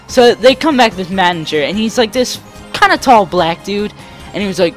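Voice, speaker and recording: A man's voice: high-pitched, normal speed, soft background music. A young man hosting a let's play, rambling animatedly through a story and acting out the people in it. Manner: rambling, animated, acts out the people in his stories. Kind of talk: casual storytelling over gameplay.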